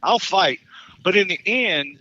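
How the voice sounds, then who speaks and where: Guy in his 50s telling his divorce court story, high bright voice, swears a lot, trips over his words, dull dry sound. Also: unhurried, no room sound. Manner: profane, animated, stumbling restarts, laughs at his own story. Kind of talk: casual storytelling on a live talk show.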